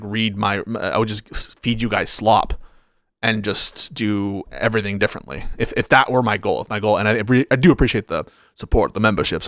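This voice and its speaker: A man's voice: medium pitch, no room sound, clean studio sound. A man streaming political commentary, blunt and profane, rambling as he searches through viewer comments. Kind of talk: livestream commentary reading chat.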